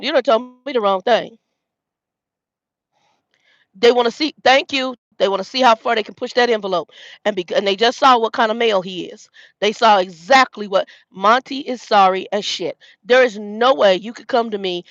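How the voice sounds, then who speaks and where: A woman's voice: medium pitch, a bit bright, no room sound, dull audio. A woman telling a rambling, profane storytime to her camera, with lots of restarts. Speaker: vlogger. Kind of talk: casual storytime monologue. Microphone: self-filmed camera.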